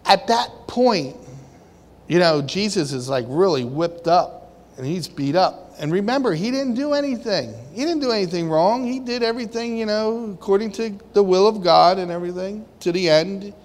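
A man's voice: high-pitched, expressive, normal speed. A man preaching a sermon in a conversational way, asking his congregation questions and acting out the people in the story. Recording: long hall reverb.

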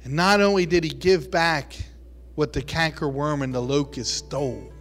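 A man's voice: on the high side, moderate pace, fairly bright tone, soft background music. A man preaching a sermon in a conversational, emphatic storytelling way, likely in a church.

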